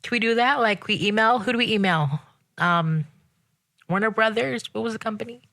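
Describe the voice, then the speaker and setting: A woman hosting her own show, ranting in a casual, sassy, exasperated way with sudden jumps in pitch. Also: moderate pace, fairly bright tone. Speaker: podcast host. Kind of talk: casual solo rant.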